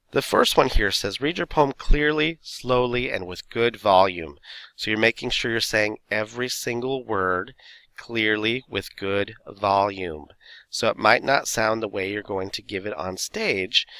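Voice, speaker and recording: Male teacher recording a screencast at his computer, low voice, loose and chatty delivery. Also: pushed and bright, no room sound. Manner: casual, loose, fillers and self-corrections. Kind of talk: recorded classroom instructions.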